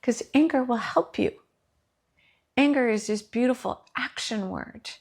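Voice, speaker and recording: A woman's voice: a little high, unhurried, darkish tone. A middle-aged woman, hosting a podcast and telling personal stories in an earnest, reflective way. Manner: earnest, storytelling, quotes others in acted voices. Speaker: podcast host.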